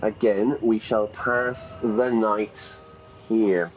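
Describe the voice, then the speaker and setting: A man's voice: fairly low pitch, steady tone, dull audio, faint music behind. A man teaching English while reading a game's story text aloud, playfully stopping to explain words and correct himself. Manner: playful, pauses to gloss vocabulary and self-correct. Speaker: English teacher streaming a game.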